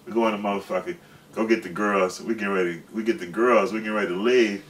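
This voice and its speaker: A man in his forties, appearing as a guest, tells a long, rambling story in profane, slangy, casual speech. His voice is on the low side, steady and a bit bright, and he talks fast. The mic is distant, with faint background noise.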